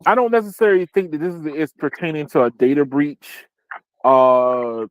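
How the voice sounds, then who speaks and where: Slangy excitable man hosting tech chat. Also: on the high side, moderate pace, smooth, no echo, poor audio. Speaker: host.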